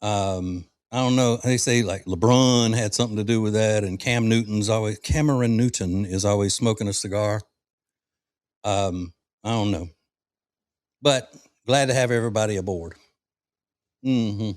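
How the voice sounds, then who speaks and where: A man's voice: lowish voice, moderate pace, long pauses, a little mellow, no echo. A middle-aged man from the South, hosting a casual cigar-smoking podcast chat in a rambling, folksy way with fillers and restarts. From American South. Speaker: podcast host.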